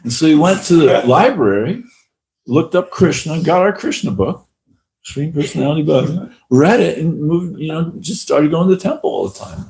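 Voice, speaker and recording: A man giving a casual talk at a temple, telling lively anecdotes and acting out the people in them. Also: fairly high pitch, moderate pace, vocal fry, a little hiss or hum, poor audio. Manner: lively anecdotal storyteller, acts out quotes. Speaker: temple speaker.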